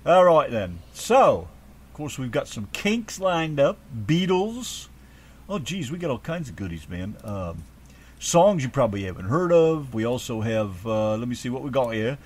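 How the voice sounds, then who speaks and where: A man's voice: mid-range voice, lively intonation, moderate pace, darkish tone, husky. An American man co-hosting a casual radio show, joking, swearing freely and hamming up a mock British voice.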